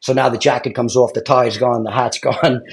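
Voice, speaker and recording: A middle-aged retired fire lieutenant from Brooklyn tells stories in a casual chat, speaking with a New York accent in a mid-range voice at normal speed. He is an animated storyteller who acts out quotes and laughs often.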